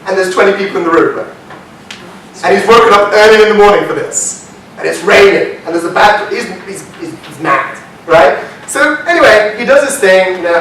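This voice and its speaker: A man telling a story to a live audience at a business workshop, animated and constantly checking in with "right?" as he asks the room questions. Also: sits high, fairly quick. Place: hall with a seated audience. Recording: very echoey hall, mic far off, faint hiss.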